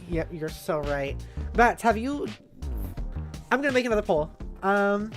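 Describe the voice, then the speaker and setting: Live-stream reader, casual, jokey asides, mid-pitched voice, faint music behind. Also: animated, measured pace. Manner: reads text aloud with joking asides; chatty, swears casually.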